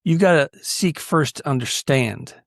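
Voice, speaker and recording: A man's voice: a little high, animated, a little slow, creaky, dry recording, clean studio sound. A man hosting a podcast, telling stories earnestly and with animation, often restarting his sentences. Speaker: podcast host. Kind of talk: conversational storytelling.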